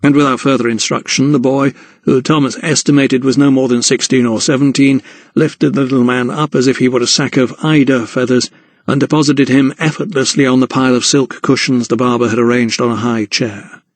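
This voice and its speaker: A man narrating a historical mystery audiobook in a measured, even manner. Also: mid-range voice, no echo. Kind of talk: scripted narration.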